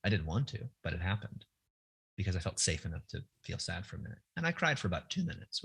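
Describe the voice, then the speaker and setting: A man's voice: low-pitched, slightly rough. A middle-aged man, a guest author, talking candidly and reflectively in a podcast conversation, often restarting his sentences. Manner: candid, searching, frequent restarts.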